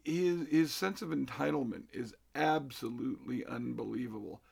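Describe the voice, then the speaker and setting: A man's voice: medium pitch, normal speed, creaky, darkish tone, husky. A middle-aged man telling a story casually, recounting conversations with an exasperated manner.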